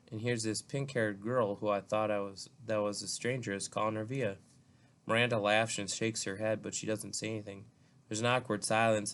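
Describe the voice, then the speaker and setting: Teacher guy reading a book out loud to the class, low voice, says the page numbers. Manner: calls out page numbers, breaks off to comment. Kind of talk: reading a novel aloud to a class.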